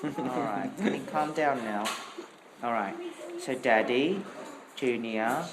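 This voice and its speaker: A father gently coaxing and calming his small child at home. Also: mid-range voice, slow, a crowd in the background. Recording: noisy home recording.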